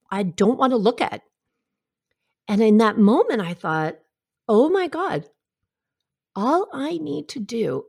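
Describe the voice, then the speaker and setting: A woman's voice: medium pitch, mellow. A middle-aged woman giving a heartfelt, reflective personal talk and telling stories with asides. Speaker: self-help speaker.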